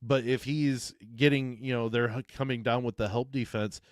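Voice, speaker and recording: A man's voice: mid-range voice, steady tone, normal speed, dry recording, studio quality. Rambling male sports podcast co-host. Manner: rambling, self-correcting, frequent uh fillers. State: hiccups. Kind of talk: casual sports chat.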